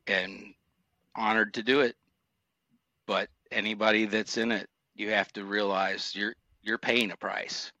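Earnest man with a bright, dry voice. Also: fairly low pitch, little pitch movement, a little slow, no room sound. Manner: earnest, reflective, emotional recollection. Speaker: retired motor cop guest. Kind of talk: candid interview storytelling.

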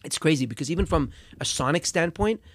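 A young musician in a casual interview speaks fairly quickly and expressively in a slightly high voice, with slight background noise. His story is packed with swearing and repeated words, and he grows loud when angry.

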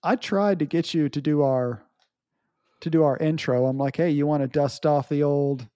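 A man with a slightly nasal, somewhat high voice ribs his co-host in a loose podcast chat. The sound is close and dry, with no room in it. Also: moderate pace, dark tone, no echo. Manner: joking, teasing banter. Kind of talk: casual chat.

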